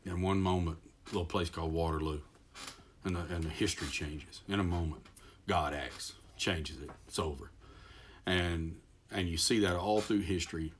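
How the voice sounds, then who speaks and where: A man's voice: low-pitched, slight background noise. A middle-aged man with a Texas accent, preaching in a folksy, self-deprecating way that rambles with fillers and restarts. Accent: Texan. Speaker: pastor. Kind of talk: folksy sermon.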